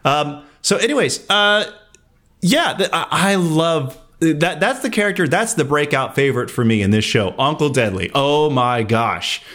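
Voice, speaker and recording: Lively, animated man chatting. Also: normal speed. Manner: animated, laughs often, rises in pitch when excited. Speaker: podcast co-host. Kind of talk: casual chat.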